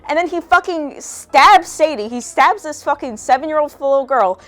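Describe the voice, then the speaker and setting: A woman's voice: sits high, expressive, moderate pace, fairly bright tone. A young woman giving a casual commentary rant as a video essayist, profane, sarcastic and exasperated.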